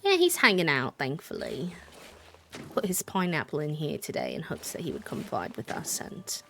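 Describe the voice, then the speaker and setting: A young woman streaming a life-sim game, chatting casually and bubbly, thanking viewers and sometimes dropping to a soft whisper. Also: sits low, wildly swooping pitch, moderate pace, creaky, a little hiss or hum. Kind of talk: casual live-stream chat while gaming.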